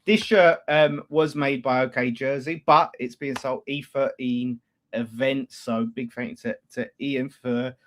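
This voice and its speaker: A man's voice: medium pitch, steady tone, a little slow, a bit bright. A man co-hosting a football fan show, talking casually and bluntly, with plenty of swearing and restarts. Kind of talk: casual chat.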